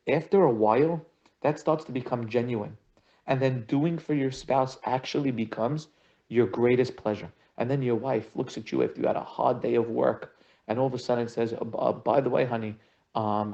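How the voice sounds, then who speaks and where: A man's voice: medium pitch, gravelly, mellow. A man teaching a lesson on marriage as a rabbi, acting out quoted conversations and hammering points with emphatic repetition. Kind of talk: animated Torah lesson with acted-out dialogue. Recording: dull lo-fi audio.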